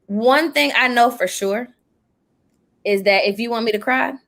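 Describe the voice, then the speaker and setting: A young woman preacher in casual chat, telling stories in an animated, emotional way with church expressions. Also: a little high, unhurried. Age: young adult. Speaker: preacher and podcast host.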